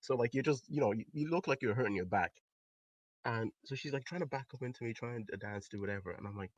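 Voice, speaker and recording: A young man telling a story in a casual podcast chat, animated and swearing, with loud outbursts. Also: mid-range voice, quick pace, no echo. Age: young adult. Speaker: podcast co-host.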